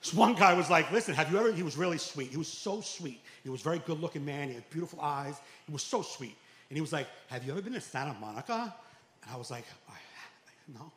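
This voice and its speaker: A man doing a stand-up comedy set, animated and acting out characters with sudden loud outbursts. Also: on the high side, fast. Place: comedy club. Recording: echoey club with faint ambience.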